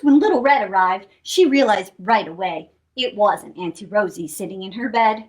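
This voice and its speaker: A woman hosting a children's storytime, reading a picture book aloud with expressive, sing-song storytelling. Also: on the high side.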